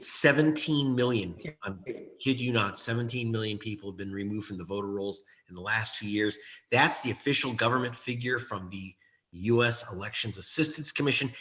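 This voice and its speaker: A middle-aged man speaking as an interview guest. His voice is bright and forceful, and he talks with urgency, hammering his points home and repeating phrases for weight. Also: on the low side. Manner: impassioned, emphatic, repeats key phrases. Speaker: author and investigative journalist.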